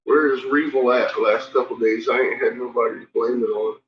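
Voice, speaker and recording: A man with a headache chatting casually at home, swearing and joking, switching into a high sing-song voice to talk to his dogs. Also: steady tone, a little fast. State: has a headache. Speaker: vlogger talking to his dogs. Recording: dull lo-fi home recording with noise.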